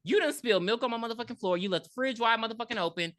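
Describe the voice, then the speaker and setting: Woman doing a screechy high mom voice, loud and brash, swears a lot. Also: very fast, close to an everyday voice. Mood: scolding. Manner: shrieking, cursing. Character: frantic shrill mother, loud and brash.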